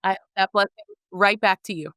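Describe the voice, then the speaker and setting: A woman guest on a podcast, telling a personal story in an earnest and expressive way. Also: mid-range voice, brisk, dry recording, clean studio sound.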